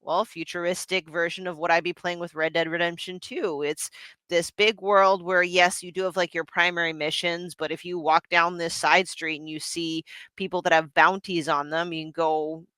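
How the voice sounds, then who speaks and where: A middle-aged woman co-hosting a podcast in casual chat, animated and chatty, laughing often and restarting her sentences. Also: fairly low pitch, moderate pace, clean tone, no echo. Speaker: podcast co-host.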